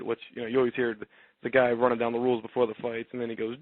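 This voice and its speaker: A man co-hosting a radio fight-talk show in casual chat, talking loosely with quick restarts. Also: mid-range voice, monotone, dry recording. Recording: tinny phone-like dry audio.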